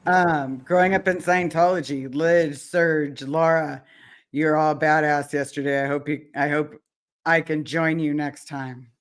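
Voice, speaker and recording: Man, slightly high voice, live stream host, short affirmations, reads viewer comments, casual chat. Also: steady tone, unhurried.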